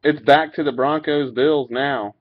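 A man talks slowly and easily, reading out cards with the odd curse and chuckle. His voice comes through a dull, lo-fi webcam microphone. He sounds loose and unhurried. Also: mid-range voice, steady tone. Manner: laid-back, swears and laughs while reading out cards. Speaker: card breaker. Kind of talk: casual card-pack opening commentary. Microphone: webcam mic.

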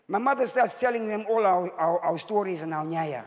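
A man's voice: sits high, brisk, hardly any pauses. A man in his sixties from Zimbabwe, preaching a sermon as a bishop and telling his story with sudden rises as he acts out the voices in it. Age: 60s. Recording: long hall reverb.

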